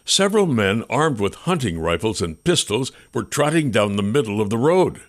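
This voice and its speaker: A man with a low voice reads a first-person audiobook. His pitch rises and falls freely as he builds the suspense of the story. His storytelling is expressive and tense. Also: moderate pace, no echo, studio quality. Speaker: audiobook narrator.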